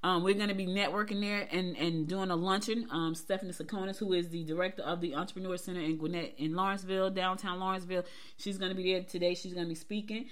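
A woman's voice: on the low side, fairly even intonation, quick pace. A woman hosting a casual morning podcast, chatting and laughing with her listeners. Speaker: podcast host. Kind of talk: casual morning show talk.

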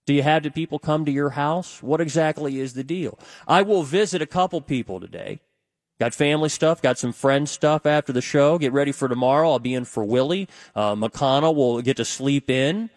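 A man's voice: fairly high pitch, normal speed, no echo, clean studio sound. A man filling in as a radio talk host, rambling conversationally and tossing questions out to listeners on a call-in show. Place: radio studio.

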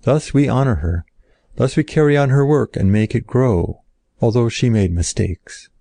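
A man's voice: mid-range voice, animated, normal speed, vocal fry, mellow, dry recording. A man doing boastful faithless craftsmen. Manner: boastful, scornful. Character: boastful faithless temple craftsmen, a proud group.

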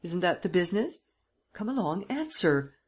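A cunning gentleman thief from a spoken storybook, pushing a captive for an answer with harsh, insistent calm, as a reader puts him on. The voice is husky and sits at an ordinary middle pitch. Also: moderate pace.

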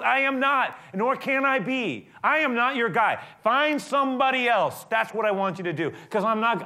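A man playing a self-doubting fisherman disciple who pleads in halting, repeated phrases. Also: high-pitched, bright, forceful tone, voice pushed up, exaggerated voice.

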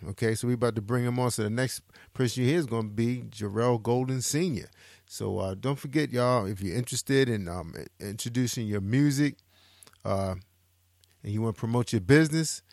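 Male podcast host, mid pitch, casual upbeat promo delivery with repeated catchphrases; dry, dead room. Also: no echo. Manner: upbeat, repeats phrases for emphasis. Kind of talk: casual radio-style promo chat.

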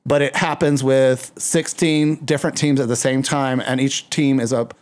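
A man co-hosting a podcast in casual chat, telling animated stories and acting out quotes. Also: mid-range voice, moderate pace. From United States. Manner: animated storyteller, acts out quotes. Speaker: podcast co-host.

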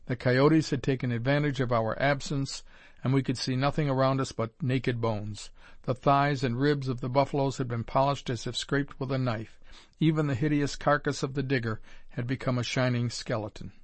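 A man narrating a first-person adventure audiobook in a measured, formal storytelling manner. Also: medium pitch, steady tone, no room sound.

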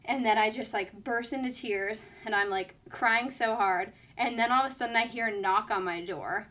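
A woman's voice: a little high, moderate pace, a bit bright. Chatty young woman telling a story. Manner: chatty, lots of "like", quoting others. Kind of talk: casual storytelling.

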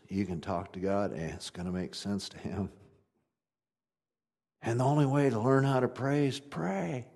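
A man preaching a sermon in a conversational, folksy way, swinging from loud emphatic passages to quiet ones. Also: on the low side. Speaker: pastor.

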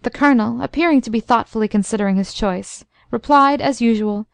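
A woman narrating a classic story in an even, expressive storytelling manner. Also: on the high side, brisk, gravelly, few pauses, no echo, studio quality. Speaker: audiobook narrator.

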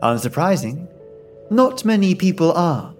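A man voicing a tall, smug, menacing male critic with a raspy British accent and a condescending manner. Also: high-pitched, big pitch swings, a little slow, darkish tone, distant mic, soft background music, voice pushed up. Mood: mocking.

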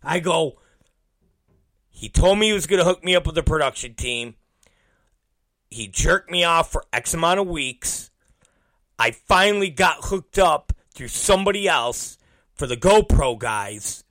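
A man spins a long, profanity-packed story in a bright, lively voice that leaps up and down in pitch, speaking slowly. He acts out both sides of conversations, sinking into low, mumbled impressions of the people he quotes. The sound is dry and close, with no room sound.

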